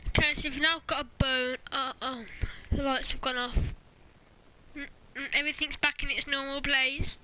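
A woman's voice: high voice, level tone, moderate pace, bright, forceful tone. A woman commenting while playing a horror game, chatty and joking, with shrieks at scares. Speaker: gamer. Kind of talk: let's play commentary.

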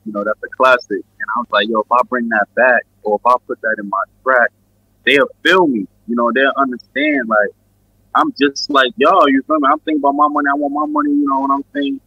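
A man's voice: medium pitch, slightly rough, no room sound, lo-fi sound. A man from New York with a New York accent, a guest musician rambling in a laid-back, casual interview full of fillers. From Queens and Brooklyn, New York.

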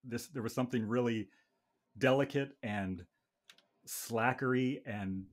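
A man who is both podcast host and bandmate leads a casual chat about music in a wry, rambling way, restarting often. His voice is medium in pitch, and he keeps a measured pace.

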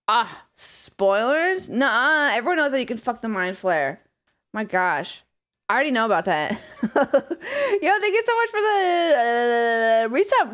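High-pitched girl streamer, laughs a lot, cusses, chats to her viewers all excited. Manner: giggly, swears a lot, rambles excitedly. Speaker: livestreamer. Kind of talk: casual live-stream chat.

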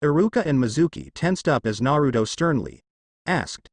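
Man reading fan fiction aloud, expressive, lively pitch, dry close sound. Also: moderate pace, dry recording. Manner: expressive storytelling. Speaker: narrator.

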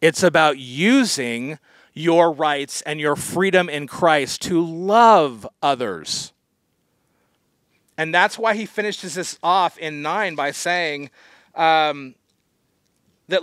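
Earnest pastor preaching in a dry room. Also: male voice, on the high side, slow, fairly bright tone, no echo. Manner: conversational, earnest preaching with sudden emphatic pushes. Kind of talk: sermon. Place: church.

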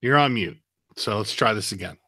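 A man's voice: brisk, sharp tone. A man co-hosting a casual live beer review podcast, chatty and prone to hard laughing fits. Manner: laughs hard, high giggly outbursts.

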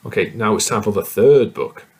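A man teaching young children, reading picture books aloud in a slow, sing-song, exaggerated way. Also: lowish voice, darkish tone, husky.

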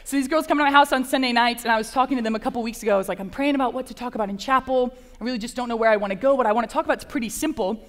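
A young woman with a lilt gives a chapel talk in a bubbly, chatty way, peppered with fillers. Her voice sits high. It rings out with the long reverb of a large hall. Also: racing, hardly any pauses. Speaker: graduate assistant speaking at chapel.

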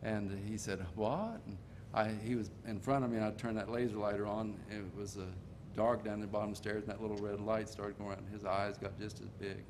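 An older man preaching a sermon in a folksy storytelling manner, slowing down to stress key points. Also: fairly low pitch, level tone, background noise.

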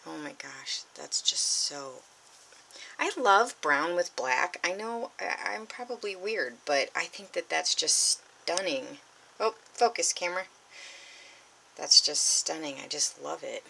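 Excitable woman crafter, bright, lowish voice, gushes and whispers. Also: slow, a little hiss or hum. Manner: gushing, excitable, drifts into breathy whispers. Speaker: crafting vlogger. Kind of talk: unboxing vlog.

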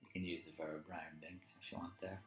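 A man with a very low voice leads a poetry lesson, talking casually and thinking aloud with lots of tag questions. He sounds like he is in an echoey room, with faint music playing underneath. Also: flat delivery, brisk. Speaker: teacher. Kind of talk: live poetry annotation lesson. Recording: roomy echo with faint music.

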